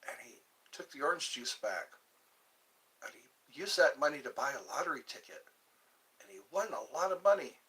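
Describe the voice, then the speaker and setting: A man's voice: medium pitch, big pitch swings, moderate pace, long pauses, bright, forceful tone, far from the mic. A man hosting a casual livestream, rambling and joking as he chats with his viewers. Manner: rambling, jokey, chatting with viewers. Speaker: livestream host.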